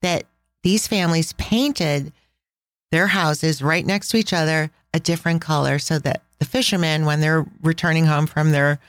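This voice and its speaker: Low-voiced woman host, chatty and excited, dry close sound. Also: normal speed, no echo. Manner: enthusiastic, chatty storytelling. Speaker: podcast host. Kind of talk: casual travel podcast chat.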